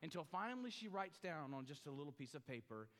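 High, bright-voiced pastor preaching. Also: male voice, sing-song, quick pace. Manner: explanatory, teaching word meanings with asides to the congregation. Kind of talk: sermon. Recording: long hall reverb.

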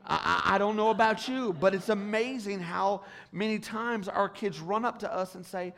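High gravelly-voiced male preacher. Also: normal speed, hardly any pauses. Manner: call-and-response preaching, swinging from hushed to loud. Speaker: pastor. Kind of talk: sermon.

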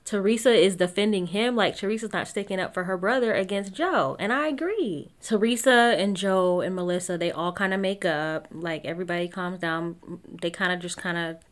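A young woman giving a casual, opinionated recap of a reality TV show, laughing often and talking to her listeners as y'all. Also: medium pitch.

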